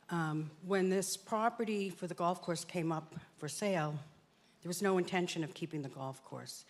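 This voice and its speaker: Earnest woman at a town meeting mic. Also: fairly low pitch. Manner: earnest, slightly shaky and emotional. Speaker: open space commission member speaking at town meeting. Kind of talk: public comment at a town meeting.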